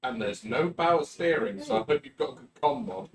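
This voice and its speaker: Animated joking man at a game table. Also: mid-range voice, a little fast, crowd noise. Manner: joking, swears freely, animated outbursts. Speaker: player. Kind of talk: casual chat at a tabletop game.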